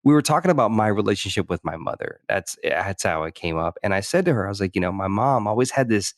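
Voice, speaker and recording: A podcast host with a fairly low, expressive voice talks fast as he reflects on personal stories in an interview-style conversation, restarting often and saying "you know" a lot. The recording is dry, with clean studio sound.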